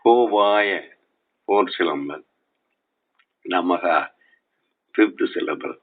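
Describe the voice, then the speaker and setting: A man giving a spiritual lecture while lying in bed, speaking slowly and deliberately and repeating and spelling out words, recorded on a cell phone resting on his chest. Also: sits low, narrow, tinny audio, a little hiss or hum. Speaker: spiritual teacher. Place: bedroom at night.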